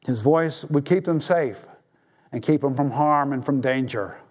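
A man preaching a sermon as pastor, swinging from raised appeals down to hushed, low tones for emphasis. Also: unhurried.

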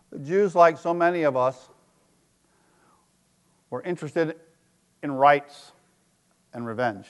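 A man preaching a sermon as a pastor, telling a story emphatically and dropping to a hush for effect. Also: on the high side, takes it slowly, pauses often. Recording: long hall reverb.

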